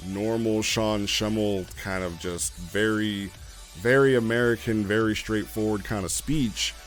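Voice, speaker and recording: A man hosting a casual talk about roleplay writing, rambling with lots of fillers and restarts. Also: lowish voice. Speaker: roleplay community host.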